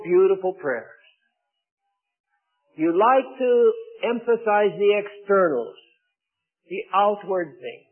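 A man preaching a sermon, emphatic and repeating words for stress. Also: sits high. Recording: tinny phone-like sermon recording.

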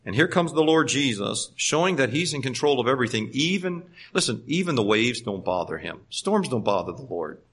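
A man preaching a sermon as a pastor, animated, swinging between loud emphasis and hushed tones, with folksy humorous asides. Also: medium pitch, a little fast, hardly any pauses, breathy edge.

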